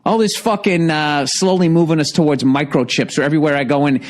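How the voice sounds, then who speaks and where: A man with a Boston accent ranting in a podcast monologue, swearing freely and sounding fed up. His voice sits a little high for a man, and he switches into quick impressions of the people in his story. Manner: profane, exasperated, mimics others in quoted dialogue. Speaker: comedian podcast host. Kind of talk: comedic rant, storytelling.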